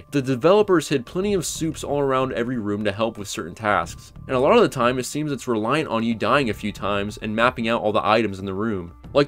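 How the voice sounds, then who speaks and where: A young man, a gaming YouTuber, giving a casual and blunt game analysis with live play commentary. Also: mid-range voice.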